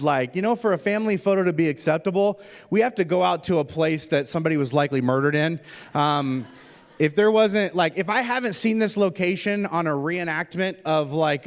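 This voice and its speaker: A middle-aged male pastor giving a humorous sermon, chatty and self-deprecating, with plenty of "uh"s and "like"s. His voice sits a bit high for a man. A long reverb from the church auditorium trails after each phrase.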